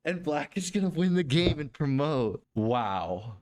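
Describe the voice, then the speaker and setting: A man streaming a chess game review, excitable and quick to exclaim and laugh as he talks to his viewers. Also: a little high, dry recording, studio quality.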